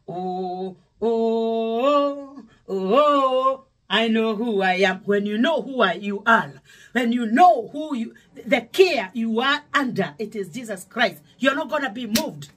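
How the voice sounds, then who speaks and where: A woman's voice: on the high side, slightly rough. A middle-aged woman from Kenya with a Kenyan accent, preaching a devotional sermon emphatically, repeating her phrases. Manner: emphatic, repeating phrases, sudden louder exclamations. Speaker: pastor.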